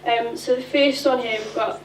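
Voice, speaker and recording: A young woman with a Welsh accent giving a chatty conference presentation, with a lively storytelling manner. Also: on the high side, normal speed, over music. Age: young adult. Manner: chatty, lively anecdote-telling. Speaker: conference speaker. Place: conference hall. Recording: echoey hall from far off.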